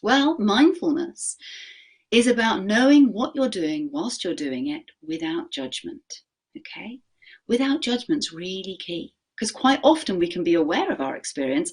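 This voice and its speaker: A woman with a soft, husky, breathy voice leads a mindfulness workshop for teachers. She talks in a middle pitch, keeps asking her listeners questions and checking in with "okay?", then slows into calm, gentle guidance for a short practice. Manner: asks the audience questions, often checks in with "okay?"; slows to a gentle, soothing pace during the practice.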